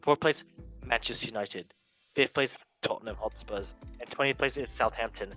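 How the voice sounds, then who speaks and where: A man's voice: medium pitch, moderate pace, bright, forceful tone. A man hosting a football talk show in a playful, joking way. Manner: playful, joking, laughs often. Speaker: host. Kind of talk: casual chat. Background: faint background music.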